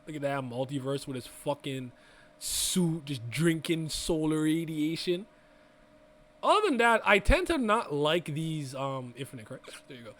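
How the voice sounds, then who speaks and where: Young male co-host, higher voice, loose and profane, keeps restarting sentences. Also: a little slow. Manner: animated, swearing, rambling restarts. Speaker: podcast co-host. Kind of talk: casual chat.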